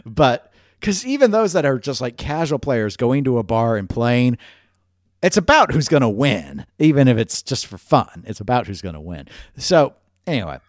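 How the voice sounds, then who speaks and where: A man's voice: mid-range voice, big pitch swings, moderate pace, no echo, studio quality. A man hosting a casual podcast chat, talking in a digressive, jokey way. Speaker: podcast host.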